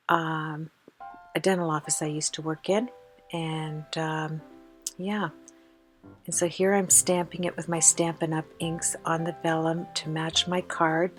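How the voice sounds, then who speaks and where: Breathless, chatty woman over soft music. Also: sits low. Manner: chatty and enthusiastic, many fillers. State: out of breath from the flu. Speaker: card-making video host. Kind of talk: crafting tutorial voice-over.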